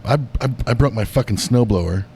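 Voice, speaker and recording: A man with a fairly low voice talks casually on a podcast, grumbling and swearing as he goes. A faint rumble sits under the recording. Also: a little fast, gravelly, mellow. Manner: profane, grumbling. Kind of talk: casual chat.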